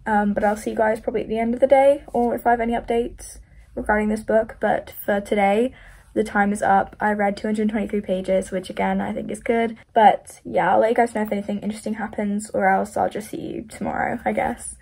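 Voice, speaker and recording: A woman's voice: mid-range voice, little pitch movement, fairly quick, vocal fry, darkish tone, breathy edge. A young woman vlogging about her reading, talking casually and emotionally, sometimes close to tears. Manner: emotional, gushing, tearful at times. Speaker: book vlogger.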